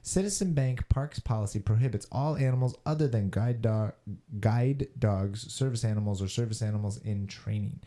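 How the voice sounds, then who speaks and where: A man's voice: lowish voice, moderate pace, mellow. A man co-hosting a casual chat podcast, reading odd news stories aloud with chuckling asides. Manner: chuckling, reads articles with asides. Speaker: podcast co-host.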